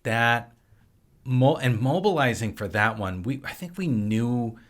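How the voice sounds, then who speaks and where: A man from Wisconsin, a filmmaker and actor, chatting as a podcast guest in a relaxed, rambling storytelling way. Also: mid-range voice, a little slow. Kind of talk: casual conversation.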